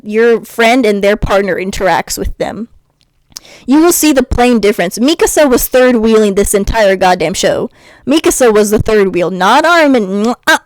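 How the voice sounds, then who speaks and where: A young woman ranting casually in a vlog, animated and chatty, swearing freely. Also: medium pitch, dry recording. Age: young adult. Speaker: YouTuber.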